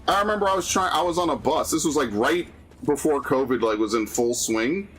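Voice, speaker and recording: A man's voice: fairly high pitch, animated, a little fast, a bit bright, husky. A man streaming a game, ranting profanely about city life in casual chat.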